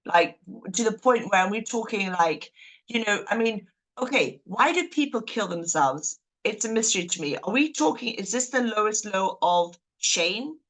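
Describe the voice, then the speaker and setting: A woman's voice: mid-range voice, expressive, normal speed, a bit bright, low-quality recording. A woman leads a book group over a video call. She talks casually, laughs easily and keeps putting questions to the group.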